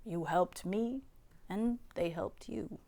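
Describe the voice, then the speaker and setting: A woman's voice: mid-range voice, slow pace, gravelly, warm tone. A woman reading a children's picture book aloud, voicing a big, self-important male dump truck in a storybook. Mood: grateful. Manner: brash, self-important, later humble.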